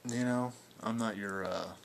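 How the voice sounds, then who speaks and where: A man's voice: fairly low pitch, unhurried, gravelly, a little hiss or hum. A young man talking casually in a video blog response, rambling and defiant, with plenty of filler words. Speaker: video blogger.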